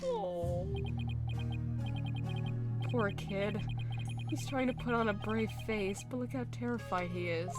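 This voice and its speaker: Over loud music, a woman with a medium-pitched voice streams a game at a moderate pace. She reads the dialogue aloud, voicing the characters, and fills the gaps between lines with animated chatter and frequent laughter.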